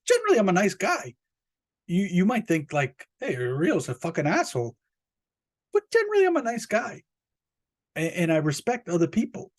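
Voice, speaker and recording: A man hosting a podcast, talking in a rambling, profane, joking monologue that jumps up high when he plays indignant. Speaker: podcast host. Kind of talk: casual comic podcast monologue.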